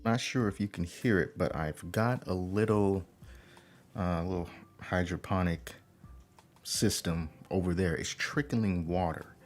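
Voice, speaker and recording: A man with a fairly low voice talks in a slow, unhurried way, thinking aloud and humming little tunes as he works through a build at home. Faint music plays behind him. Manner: unhurried, thinks aloud, hums to himself while working. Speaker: livestream host building a model kit. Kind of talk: casual livestream chat. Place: indoor home room.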